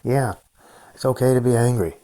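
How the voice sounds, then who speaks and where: A man's voice: mid-range voice, normal speed, dark tone. A middle-aged man talking to his camera, rambling and swearing in a frustrated, casual monologue full of "you know" and "man". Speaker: vlogger.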